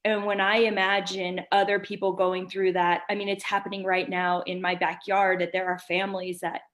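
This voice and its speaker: A woman guest in an interview, speaking in a heartfelt, gently emotional way about personal matters. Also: mid-range voice, little pitch movement, moderate pace. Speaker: nonprofit founder, interview guest. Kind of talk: conversational interview.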